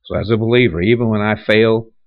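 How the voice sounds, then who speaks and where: Male pastor, low voice, dry and slightly muffled sound, conversational preaching style. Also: quick pace, no room sound. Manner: conversational preaching with repeated restarts and rhetorical questions. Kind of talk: sermon.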